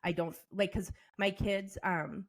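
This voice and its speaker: A woman co-hosting a casual faith podcast, with a loud voice, thinking aloud in a hesitant way. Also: medium pitch, fairly even intonation, unhurried. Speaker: podcast co-host.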